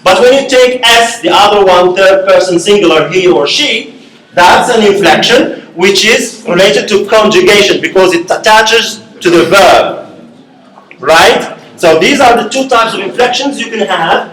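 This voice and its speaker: Male lecturer, high voice, patient step-by-step explaining, echoey classroom. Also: animated, measured pace, a bit bright. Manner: explains step by step with many okays and rhetorical checks. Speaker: university lecturer.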